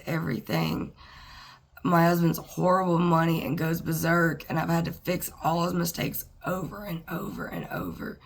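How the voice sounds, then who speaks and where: Slow, gravelly-voiced woman reflecting. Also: fairly low pitch. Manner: halting, with pauses and sighs; earnest and plainspoken. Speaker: vlogger. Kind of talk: personal reflective monologue.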